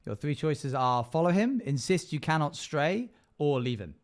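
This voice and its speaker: A man's voice: on the high side, big pitch swings, moderate pace. A man streaming live, casually narrating a choose-your-path adventure for his chat with lots of fillers and restarts. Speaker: streamer running an interactive adventure.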